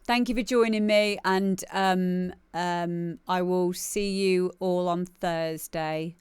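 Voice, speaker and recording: A woman's voice: fairly low pitch, fairly even intonation, takes it slowly, clear, resonant tone, no room sound. A woman hosting a livestream show, chatting casually and giggling, rambling with lots of fillers.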